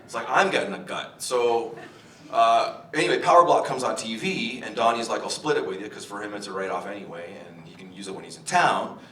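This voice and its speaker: A young actor playing a crude, brash store clerk, telling a rambling, profane story with chuckles on a stage. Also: male voice, lively intonation, brisk, fairly bright tone. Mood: swaggering. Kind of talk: theatre monologue. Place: theatre stage. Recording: roomy stage audio from a distance, faint rumble.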